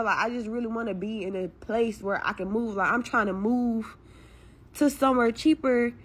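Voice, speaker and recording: A woman's voice: medium pitch, fairly bright tone. A young woman venting about her struggles in a blunt, frustrated way, cursing heavily as she tells her story. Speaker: caller telling her story.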